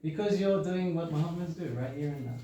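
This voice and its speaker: A man's voice: a little high, fairly quick, warm tone. Joking Australian man in an echoey hall. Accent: Australian, softened toward American. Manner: chatty, joking, laughs often, asks the audience questions. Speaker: temple speaker giving a scripture class. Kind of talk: informal sermon with jokes. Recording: very echoey hall, faint background hum.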